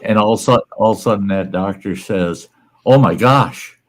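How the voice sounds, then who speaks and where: A man's voice: fairly low pitch, fairly even intonation, fast. A man hosting a casual livestream, telling jokes in a rambling, chuckling way. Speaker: host.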